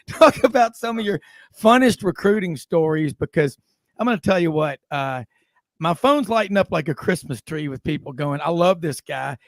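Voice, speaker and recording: A man's voice: high voice, dry recording, clean studio sound. A man hosting a sports talk show, chatting casually and enthusiastically with his guest. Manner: enthusiastic, laughs often. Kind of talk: casual interview chat.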